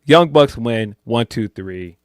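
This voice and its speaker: Reviewing wrestling on a podcast he co-hosts, a man chats casually and animatedly, slipping into loud slangy joke voices. His mid-range voice is slow and smooth, recorded with clean studio sound and no echo.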